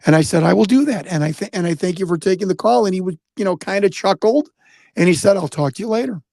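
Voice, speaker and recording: High-voiced rambling American man. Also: quick pace, vocal fry, darkish tone, no echo. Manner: rambling, repeats words, acts out quoted voices. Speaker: guest investigator. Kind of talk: casual interview storytelling.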